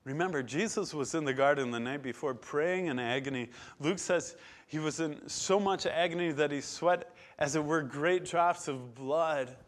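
A man's voice: a little high, moderate pace. Man preaching a dramatic sermon. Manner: dramatic, swings from loud to hushed.

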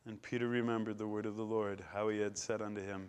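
A man preaching a sermon, retelling scripture with dramatic swings from loud declarations to hushed, quiet passages. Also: on the low side, fairly even intonation, normal speed, hardly any pauses, a little hiss or hum.

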